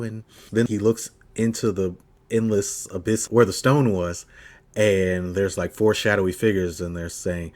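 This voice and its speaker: A man with a fairly low voice cohosts a laid-back podcast. He tells the story with big energy, jumping into goofy voices for the characters and cursing and laughing as he goes. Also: normal speed. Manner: animated storyteller, acts out quotes in funny voices, swears and laughs. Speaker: podcast co-host. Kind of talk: casual chat recapping an anime.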